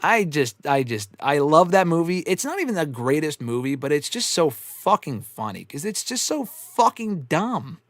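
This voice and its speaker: A man's voice: on the high side, moderate pace, hardly any pauses, dry recording. A man hosting a live stream, reading chat messages and chatting casually, swearing freely and laughing often. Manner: swears often, laughs a lot, animated and rambling. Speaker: host answering live chat.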